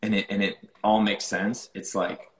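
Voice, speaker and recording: A young man with a lowish voice talks loosely through his thoughts in a casual interview. He keeps restarting sentences and leaning on filler words. The room around him has a noticeable echo. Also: flat delivery, normal speed. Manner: rambling, many "like" fillers and restarts. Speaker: musician being interviewed.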